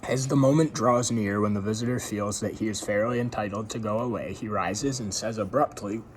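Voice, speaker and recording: A man's voice: lowish voice, brisk, slight background noise. A man casually reading a story aloud, breaking off for chatty asides to his listeners. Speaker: story reader.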